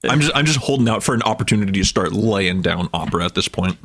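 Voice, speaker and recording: A man's voice: fairly low pitch, animated, fast, a bit bright, no room sound. A man playing a tabletop game, joking and teasing the others. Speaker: player. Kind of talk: casual tabletop play.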